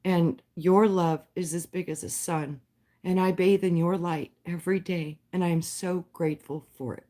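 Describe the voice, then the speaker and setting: A woman's voice: on the low side, fairly even intonation, moderate pace, mellow. A woman hosting a livestream, talking to her viewers in a heartfelt, spiritual way. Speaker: livestream host. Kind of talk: casual livestream chat with viewers.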